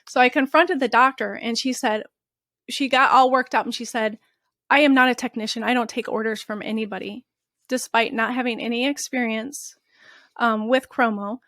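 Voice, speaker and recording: Earnest woman telling her story as a podcast guest, higher voice, dry sound. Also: a bit bright, dry recording. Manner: earnest, emotional recounting. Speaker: guest, mother of a patient. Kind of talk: interview storytelling.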